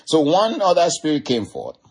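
Husky man preaching in rambling style. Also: a little high, wildly swooping pitch, moderate pace. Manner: conversational and rambling, full of "you know". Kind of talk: informal sermon retelling a Bible story.

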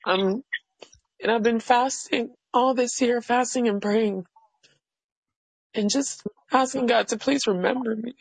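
A woman caller sharing a personal testimony with the pastor, halting and overwhelmed, restarting her sentences. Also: on the high side, gravelly, breathy edge, no room sound, poor audio.

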